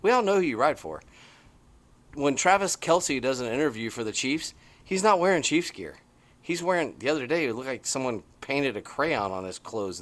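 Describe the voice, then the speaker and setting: A middle-aged man co-hosting a podcast in an easygoing chat, his voice sitting at an ordinary pitch. He gets excitable as he tells stories, and his emphasis rises and falls sharply. It sounds like a relaxed talk out on a porch. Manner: animated, excitable storytelling with big swings in pitch. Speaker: podcast co-host. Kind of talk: casual chat. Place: porch, outdoors.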